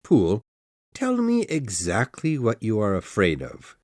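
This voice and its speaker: A woman voicing a steady, reassuring middle-aged male lawyer in an audiobook, in a lowered, measured voice. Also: dry recording, clean studio sound, heavily acted. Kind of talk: audiobook character voice.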